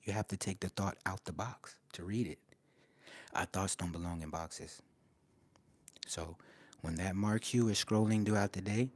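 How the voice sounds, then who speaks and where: A man hosting a casual livestream, talking to his chat in a laid-back, slangy way and getting animated at times. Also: deep voice. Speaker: livestream host.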